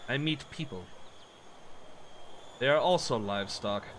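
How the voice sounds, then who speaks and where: A man doing a deadpan robot companion. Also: mid-range voice, unhurried, a little hiss or hum. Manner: clipped, matter-of-fact, deadpan. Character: dry, literal male robot companion.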